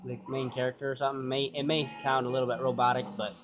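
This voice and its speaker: A man's voice: medium pitch, little pitch movement, quick pace, music in the background. A man giving loose, rambling gameplay commentary, cursing casually and thinking aloud. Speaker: gaming YouTuber. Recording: dull lo-fi sound with clear noise.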